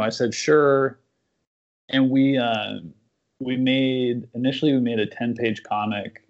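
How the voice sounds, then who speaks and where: Podcast guest: man, gravelly voice, loose rambling delivery, dull recording. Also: lowish voice. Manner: rambling storyteller with many fillers. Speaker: guest comic book writer. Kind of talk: casual podcast chat. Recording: dull lo-fi sound.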